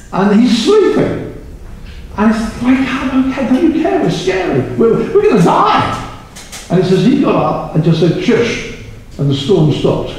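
A male preacher with a high, mellow voice tells his stories with animated energy. He slips into quoted voices to act out the people in them. He is heard from a distance, with heavy hall echo around him. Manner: animated storytelling, acting out the disciples in quoted voices. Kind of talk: sermon. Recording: echoey hall recorded from far off.

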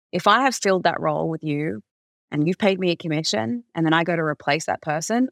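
A woman recruitment firm founder talking through stories in an animated, conversational way, with plenty of "like". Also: low-pitched, dry recording, clean studio sound. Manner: animated storyteller, heavy use of "like". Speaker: recruitment company founder, guest. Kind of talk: conversational podcast interview.

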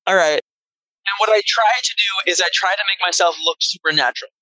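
Bright, eager tabletop player. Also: medium pitch, brisk, no echo, poor audio. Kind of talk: casual tabletop play.

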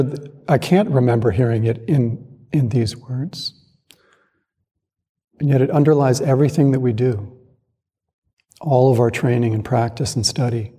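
Male Zen teacher, calm and measured dharma talk, husky mellow voice, long reverb of a hall. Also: medium pitch. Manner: calm, reflective, measured with pauses.

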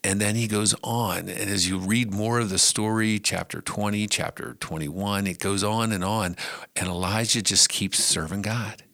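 Middle-aged guy giving a casual devotional talk, lowish voice, dry close sound, earnest. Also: steady tone, moderate pace, gravelly, bright, forceful tone, no echo. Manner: earnest and conversational, with emphatic rises. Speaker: podcast host and preacher.

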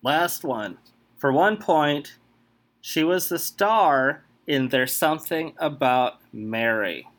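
Male podcaster, quiz-game energy, animated, bright tone, exasperated outbursts. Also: fairly high pitch, slow pace.

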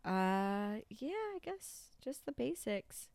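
A young woman co-hosting a podcast in relaxed, slangy casual talk, swearing casually. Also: medium pitch, slow, creaky, no room sound. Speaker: podcast co-host. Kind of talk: casual chat.

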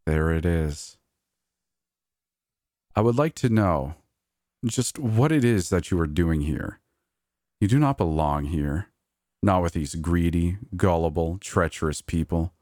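A man reading as a sly, sinister male creature in a horror audiobook, speaking slowly and deliberately with a mocking edge. The voice is very deep, and the recording is dry and close, with no room sound. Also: animated, a little mellow, dry recording. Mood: smug, scheming.

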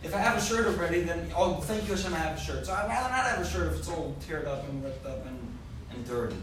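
Argumentative high-voiced student. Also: male voice, expressive, quick pace, background noise. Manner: argumentative, stumbling restarts. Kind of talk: casual class discussion. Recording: echoey room, far from mic, crowd.

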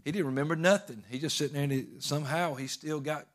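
A man's voice: fairly high pitch, fairly even intonation, quick pace. A man preaching a sermon in a folksy, emphatic storytelling way.

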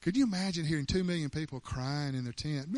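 A man preaching a sermon in an animated, emphatic way, often laughing as he talks. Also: a little high.

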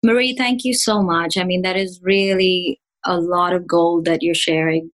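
Woman, podcast host, lowish pitch, encouraging, conversational. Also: steady tone, normal speed, low-quality recording. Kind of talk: interview conversation.

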